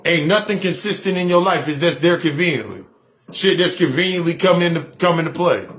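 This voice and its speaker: Blunt, preachy man speaking fairly high. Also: lively intonation, fairly quick, fairly bright tone. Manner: preachy, repetitive, blunt with profanity. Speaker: spiritual speaker. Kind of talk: motivational monologue.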